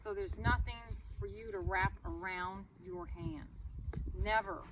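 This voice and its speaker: A woman riding instructor explains lunging in a practical, matter-of-fact way, now and then giving short firm commands to the horse. Her voice sits at an ordinary middle pitch. It comes through a noisy outdoor recording with the sounds of horses behind it. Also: very animated, unhurried, creaky, distant mic. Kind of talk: outdoor horse-training demonstration.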